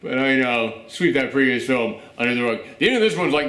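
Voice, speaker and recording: A man with a mid-range voice reviews a movie with spoilers on his channel, talking fairly quickly with few pauses. He's animated, swears a lot, and throws in acted asides, recorded in an echoey room.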